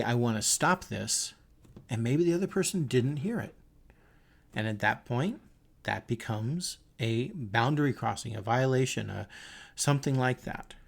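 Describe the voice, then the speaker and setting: A man's voice: medium pitch, creaky. A man hosting his podcast, talking in a thoughtful, earnest way and telling stories as he reflects. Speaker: podcast host. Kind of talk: reflective casual monologue.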